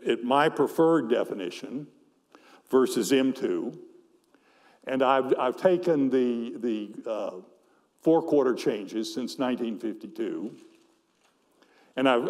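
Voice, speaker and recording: An older man gives a slide presentation in a conference hall, his voice trailing a long reverb. He talks in a measured, explanatory way, doubling up words as he thinks, at an ordinary mid pitch. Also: mellow. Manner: measured, explanatory, with frequent word repeats. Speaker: economist presenter.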